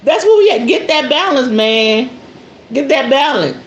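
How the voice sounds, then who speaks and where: A blunt, outspoken woman hosts a casual spiritual talk monologue, and her voice swoops up and down with lively energy. The sound is roomy and echoey, with a faint hiss behind her. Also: high-pitched, measured pace, dull audio. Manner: blunt, animated, preachy. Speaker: host.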